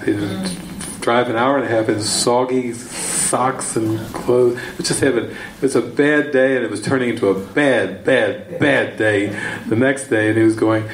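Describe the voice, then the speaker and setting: A man's voice: mid-range voice, echoey room, slight background noise, rough recording. Man telling a story at a retreat. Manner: rambling, repeating words, breaks into excited shouted quotes. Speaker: spiritual teacher. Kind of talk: retreat teaching talk, storytelling. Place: retreat session room.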